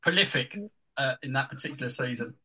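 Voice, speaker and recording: Quick, bright-voiced podcast host. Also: male voice, medium pitch, husky. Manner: eager, chatty, laughs easily. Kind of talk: casual podcast chat.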